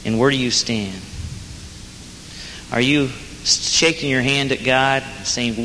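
Man, jail preacher; plain-spoken, earnest sermon, bright tone, reverberant hall. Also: medium pitch, steady tone, slow pace, pauses often. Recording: hall reverb with faint noise.

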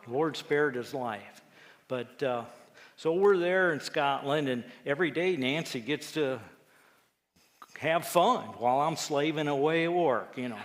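A man, a lay preacher telling a personal testimony story, acting out quotes with lively jumps in his voice. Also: on the high side, unhurried. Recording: echoey hall with long reverb.

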